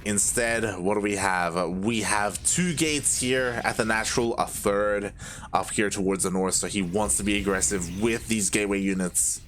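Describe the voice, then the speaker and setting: A young man from Australia with a mixed Australian and Spanish-influenced accent, casting a game live on his own, excitable and quick to exclaim. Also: fairly low pitch, a little hiss or hum. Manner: excitable, exclaims often and laughs at chat. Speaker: esports caster. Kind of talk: solo live game commentary.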